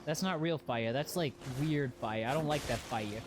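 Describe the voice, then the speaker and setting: A man giving casual live commentary while playing a video game. He swears freely and yelps and shouts at what happens on screen. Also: mid-range voice, normal speed. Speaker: game streamer. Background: game music.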